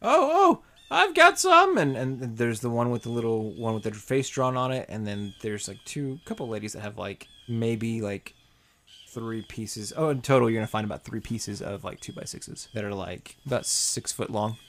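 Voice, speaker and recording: A man narrating as game master of a tabletop game, describing scenes with many pauses and fillers. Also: on the low side, fairly even intonation. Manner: rambling descriptions with many ums and likes.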